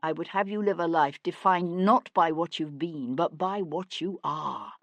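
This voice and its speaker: A woman's voice: lowish voice, a little slow, no room sound. A woman voicing a cold, stern young nobleman who speaks in a clipped, threatening way. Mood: earnest.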